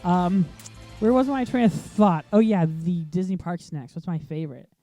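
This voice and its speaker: A man talking through a racing game in a relaxed let's-play ramble, his voice soft and mellow. He drifts from topic to topic, stacking up ums and restarts as he goes. Faint game music sits quietly underneath. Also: high-pitched, normal speed, no echo. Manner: rambling, chatty, easily sidetracked, lots of ums. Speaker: gaming channel host. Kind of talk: casual let's-play commentary.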